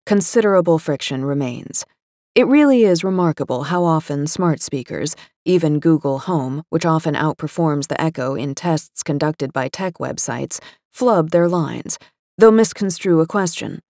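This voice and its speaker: A woman reads a magazine article aloud in a low, even register. Her delivery is measured and articulate, with a wry touch. The sound is dry and close, with no room around it. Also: dry recording. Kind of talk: scripted narration.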